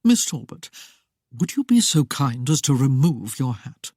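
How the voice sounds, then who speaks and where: An audiobook narrator voicing a calm young nobleman who speaks softly and in measured, mocking tones. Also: medium pitch, dry recording, clean studio sound. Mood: commanding. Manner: soft, measured and coolly mocking. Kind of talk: audiobook character voice.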